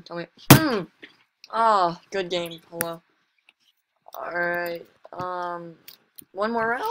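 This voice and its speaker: Bright-voiced excitable woman gaming. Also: fairly low pitch, slight background noise. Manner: excitable, chatty, self-mocking, with sudden exclamations. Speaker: gaming channel host. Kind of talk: casual gameplay commentary.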